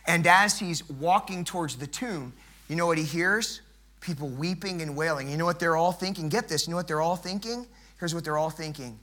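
A middle-aged male pastor delivering a sermon with a high, ringing voice. His tone is bright and forceful. He swings between loud, emphatic build-ups and quiet, hushed stretches. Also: expressive, brisk.

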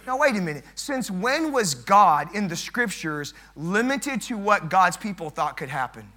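High, bright-voiced preaching pastor. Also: male voice, very animated, measured pace, hardly any pauses. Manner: dynamic preaching, swinging from loud emphatic build-ups to hushed low passages. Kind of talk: sermon.

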